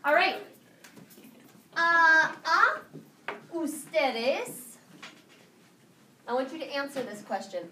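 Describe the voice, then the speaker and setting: Upbeat high-voiced teacher in an echoey classroom. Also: female voice, big pitch swings, bright, forceful tone, recorded from a distance, slight background noise. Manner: upbeat, encouraging, quick praise. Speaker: high school Spanish teacher. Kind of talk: classroom lesson.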